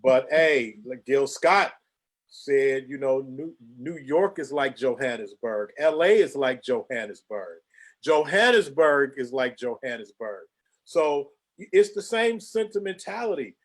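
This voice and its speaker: A man's voice: medium pitch, lively intonation, measured pace. A man hosting an interview show over a video call, often repeating words as he starts his questions. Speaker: host.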